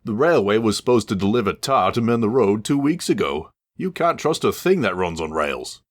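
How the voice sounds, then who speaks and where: A man's voice: lowish voice, expressive, normal speed, dry recording, studio quality, voice pushed up. A man voicing a talking male bus who speaks in a huffy, complaining way. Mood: grumbling.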